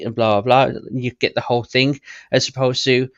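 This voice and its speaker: A man's voice: mid-range voice, level tone, normal speed, no echo. A man chatting casually, hesitant and blunt, with many restarts. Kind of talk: casual stream chat. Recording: dull dry lo-fi mic.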